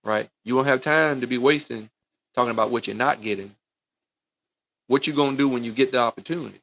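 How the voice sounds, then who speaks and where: A man's voice: medium pitch, brisk, fairly bright tone. A middle-aged man, a youth football coach, giving a folksy motivational talk on a livestream, talking straight to parents and kids. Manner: folksy, preachy, addresses parents and kids directly with lots of "right?" and "man". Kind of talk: live-streamed motivational talk.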